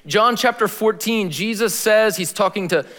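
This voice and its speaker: A man giving a sermon as a pastor, in a casual, slangy style with animated emphasis. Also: sits high, moderate pace, big-room sound.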